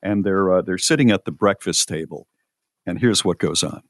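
A man's voice: low voice, moderate pace, no echo. A man hosting a casual talk show, incredulous and sardonic. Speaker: podcast host. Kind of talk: casual chat.

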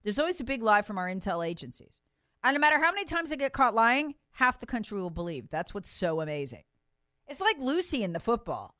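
A woman's voice: on the high side, big pitch swings, a little fast, sharp tone, no echo. Woman radio host, fiery and emphatic, dry close studio sound. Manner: impassioned, emphatic, mocking. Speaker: radio talk show host. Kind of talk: political talk radio commentary.

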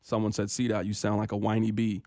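A man's voice: on the low side, completely flat delivery, fairly quick, dark tone, no echo. A young man hosting a sports talk radio show, bantering and complaining in a playful, self-mocking way into a studio microphone.

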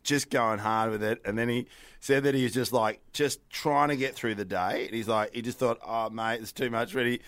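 A man's voice: medium pitch, fairly quick, a bit bright, no room sound. A man, co-hosting a podcast and retelling a mate's story in a casual, rambling way. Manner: rambling anecdote teller.

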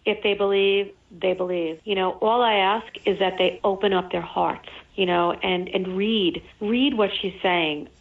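A woman's voice: medium pitch, steady tone, unhurried, gravelly, hardly any pauses. A woman, a spiritual author, speaking as a guest in an earnest manner, often saying "you know" and repeating herself. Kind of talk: radio interview over the phone. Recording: tinny phone line.

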